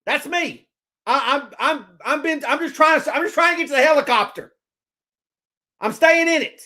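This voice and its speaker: A man ranting casually to his viewers as a sports fan vlogger, excitable and rambling, stammering over restarts and swearing freely. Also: very high-pitched, moderate pace. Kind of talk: casual fan rant to camera.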